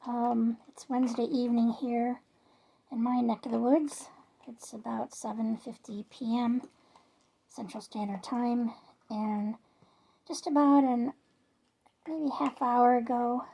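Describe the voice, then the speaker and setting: A woman's voice: fairly high pitch, steady tone, takes it slowly, vocal fry, long pauses, dark tone. A woman casually telling a story to her viewers in a chatty, rambling way, full of fillers and restarts. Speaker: vlogger.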